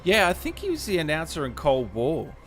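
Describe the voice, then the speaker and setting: A man's voice: fairly high pitch, huge pitch swings, brisk, a bit bright, faint music behind. A tired Australian man hosting a casual live gaming stream, reading viewer comments aloud and answering them in a laid-back way. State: tired, just woke up.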